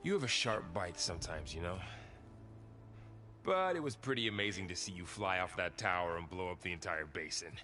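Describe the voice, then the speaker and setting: A loyal young game warrior, lowish bright voice, earnest. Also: male voice, expressive, brisk. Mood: teasing.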